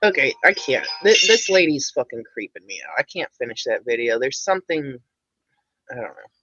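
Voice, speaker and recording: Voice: mid-range voice, big pitch swings, moderate pace, bright, forceful tone, lo-fi sound, faint music behind. A streamer giving casual, rambling reaction commentary, blunt and swearing often.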